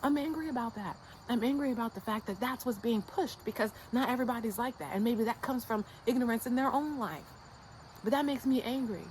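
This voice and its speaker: On the high side with a darkish tone, her voice runs a little fast; the audio is poor with slight background noise. She's an American YouTuber in an insistent, casual motivational rant, blunt and slangy, repeating herself for emphasis.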